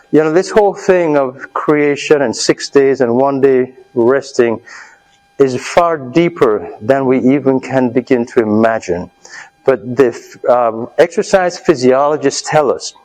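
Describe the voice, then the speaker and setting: The recording is rough, and the man's voice is medium in pitch with a measured pace. As a health speaker running a live workshop, he coaches the audience through an exercise while out of breath, loudly urging them on and checking in.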